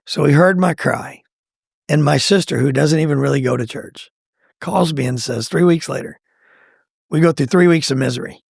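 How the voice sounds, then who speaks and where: A middle-aged man telling his own faith testimony in a conversational, animated way, acting out what people said. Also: moderate pace, gravelly, husky, dry recording, clean studio sound. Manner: animated, acts out quoted lines with pitch jumps. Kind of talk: conversational storytelling.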